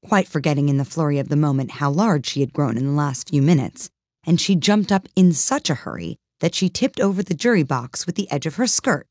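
Lively woman reading a storybook. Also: low voice, a little fast, no echo, clean studio sound. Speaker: audiobook reader. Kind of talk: storybook narration.

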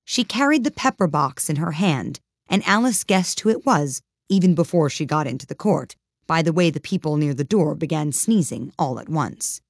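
A woman reading a storybook aloud in a lively, expressive way, her low voice rising and falling freely. The sound is close and dry, with no room around it. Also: moderate pace, no room sound. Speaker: audiobook reader. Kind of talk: storybook narration.

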